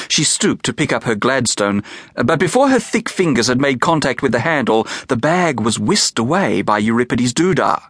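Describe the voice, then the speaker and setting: A man narrating a children's novel as an audiobook in an expressive storytelling manner. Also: mid-range voice, normal speed, slightly rough, no room sound, clean studio sound.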